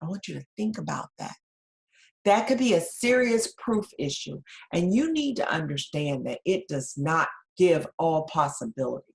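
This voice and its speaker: Lower-voiced woman giving a webinar. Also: very animated, moderate pace, gravelly. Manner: conversational, addresses listeners directly with frequent "right?". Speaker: webinar presenter. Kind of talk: webinar lecture.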